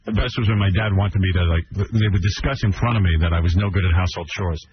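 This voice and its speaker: A man hosting a radio show, telling animated stories in casual studio chat and mimicking his parents. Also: deep voice, quick pace, highs cut off, slight background noise.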